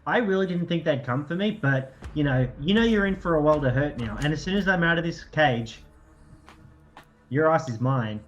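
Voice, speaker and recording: A charming rabbit adventurer hurls defiant threats at a captor, as a man plays him. The voice sits a bit high. The recording is dull and lo-fi. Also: lively intonation, moderate pace, soft background music, lightly acted.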